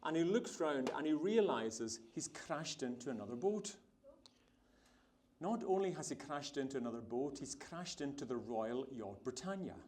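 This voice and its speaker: A man's voice: mid-range voice, animated, normal speed, darkish tone, a little hiss or hum. A man with a Hebridean Scottish accent, chatting and telling a yarn with laughs while cooking. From Isle of Lewis, Scotland. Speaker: baker giving a cooking demonstration. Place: food festival hall, demo stage.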